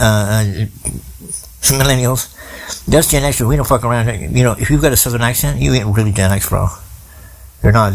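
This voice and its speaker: A man's voice: fairly low pitch, gravelly. A man in his forties delivering a profane, rambling political rant in casual streetwise slang. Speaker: commentator.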